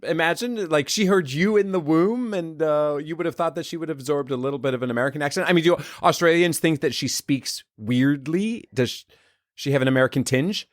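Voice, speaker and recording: A man's voice: fairly high pitch, a little fast, no room sound, clean studio sound. A man co-hosting a podcast in casual chat, teasing and laughing often. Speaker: podcast co-host.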